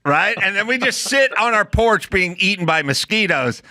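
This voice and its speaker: A man's voice: high-pitched, expressive, moderate pace, sharp tone, dry recording, clean studio sound. A middle-aged man co-hosting a podcast, riffing in comedic casual chat and acting out voices and sound effects. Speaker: podcast co-host.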